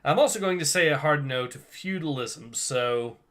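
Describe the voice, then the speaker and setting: Bright-voiced, chatty male livestreamer. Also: on the high side, animated, moderate pace. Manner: chatty, laughs often, reads chat aloud. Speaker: livestream host reading comics. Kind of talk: casual livestream chat.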